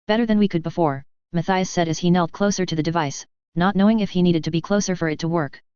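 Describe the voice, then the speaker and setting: A narrator reading a science fiction story in an even, steady way. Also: medium pitch, quick pace, clear, resonant tone, dry recording, lo-fi sound.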